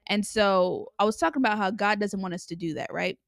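Young female podcast host, candid chatty storyteller, middle pitch with vocal fry, dry close sound. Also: a little fast, no room sound. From Los Angeles area. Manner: chatty and candid, with many filler likes and ums. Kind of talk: casual storytelling monologue.

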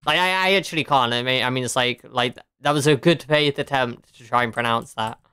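Girl streaming a game, chatty and giggly, smooth voice, dry mic. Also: a bass voice, a little fast, a bit bright, no echo. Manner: chatty, laughs often, swears, answers chat. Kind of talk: casual live-stream chat.

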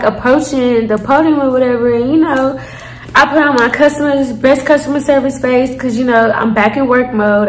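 Slangy chatty woman doing a storytime, kinda high voice, echoey room. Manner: chatty, slangy, animated, frequent fillers. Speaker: storyteller, channel host. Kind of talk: casual storytime vlog.

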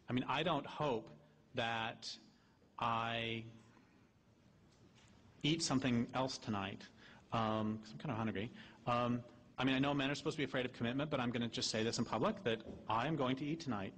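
A man giving a public talk as an activist speaker, wry and impassioned, drifting into anecdotes between sharp points. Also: mid-range voice, a little fast, long reverb tail, slight background noise. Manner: wry, impassioned, digressive storytelling.

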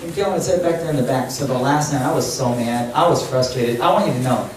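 An older man giving a storytelling sermon as a camp chapel speaker, animated and laughing as he acts out quoted lines. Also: mid-range voice, fast talker. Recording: echoey hall, distant mic, noisy.

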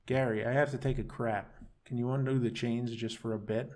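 Brief: a man playing a desperate captive man, pleading and strained, a bit higher and louder. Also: fairly even intonation, brisk, natural voice.

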